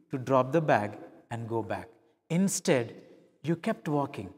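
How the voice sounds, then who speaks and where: A man's voice: medium pitch, lively intonation, measured pace, a little mellow, slightly rough, in a large hall. A middle-aged male pastor preaching a sermon, telling stories and acting out the dialogue in changing voices. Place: church.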